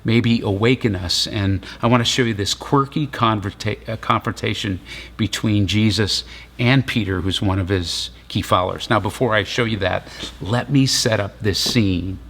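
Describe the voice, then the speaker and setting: A man's voice: on the low side, normal speed, vocal fry, a bit bright. A middle-aged man preaching a sermon in a conversational storytelling way, acting out the voices of the people in his story. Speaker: pastor.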